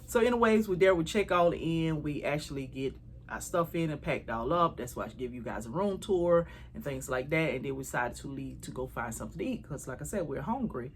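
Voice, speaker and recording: Husky woman telling a story. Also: deep voice. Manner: animated, swears freely, talks straight to viewers. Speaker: vlogger telling a travel story. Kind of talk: casual storytime chat.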